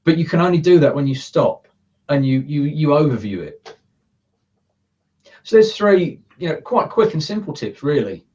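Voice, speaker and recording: An earnest man talks through his coaching methods in a relaxed interview, slipping into the voices of the thoughts he quotes. He sits at some distance from the mic in his office. The sound is dull and muffled. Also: fairly high pitch, normal speed, long pauses. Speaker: guest, coach. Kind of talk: casual interview chat.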